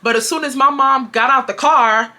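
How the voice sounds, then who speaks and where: A young woman tells a story from her childhood in a casual vlog. Her voice is bright and sharp and sits a little high. She talks chattily and animatedly, often speaking to her viewers directly. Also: normal speed. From Houston, Texas. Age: 20s.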